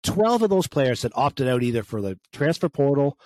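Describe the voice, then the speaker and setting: A man from Canada with a mid-pitched voice talks in a casual chat. He rambles and complains, restarting his sentences, and the sound is dry and close. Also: very animated, moderate pace, a little mellow, no echo. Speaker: podcast co-host.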